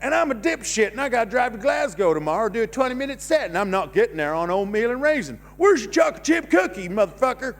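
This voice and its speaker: A man's voice: sits high, very animated, fast, hardly any pauses. A Canadian man in his fifties doing a stand-up set, rambling and self-mocking, swearing freely and letting thoughts trail off. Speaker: stand-up comedian. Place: comedy club stage.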